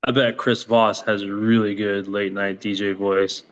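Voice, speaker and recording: A man's voice: on the low side, flat delivery, moderate pace, muffled recording. A man joking easily while co-hosting a casual livestream podcast. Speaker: co-host.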